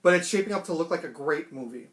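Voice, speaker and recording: A man chatting excitedly and swearing casually through a home unboxing vlog. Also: on the high side, fast. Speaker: toy collector vlogger. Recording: roomy echo, faint background music.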